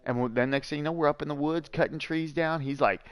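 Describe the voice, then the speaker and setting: A man's voice: fairly high pitch, fairly even intonation, quick pace, smooth, dry recording. A man streaming a video game, rambling casually and chatting with his viewers, with many fillers and asides. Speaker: gaming streamer. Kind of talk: casual storytelling while gaming.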